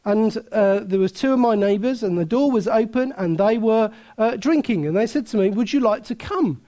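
A man preaching a sermon, telling a story with many restarts and laughter, then turning quieter and earnest. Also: sits high, animated, normal speed. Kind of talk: sermon with anecdote.

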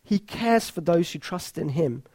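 A middle-aged man preaches a sermon in a fairly high voice. He is earnest and emphatic, and he often sinks into a hushed, intimate delivery. The sound is dry and close. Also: animated, unhurried, no echo. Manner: earnest, emphatic, drops to soft intimate tones.

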